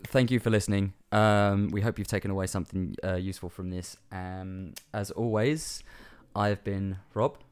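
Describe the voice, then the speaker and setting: A man's voice: sits low, steady tone, normal speed, darkish tone, clean tone. A young man co-hosting a casual podcast, joking and laughing often as he signs off. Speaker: podcast co-host.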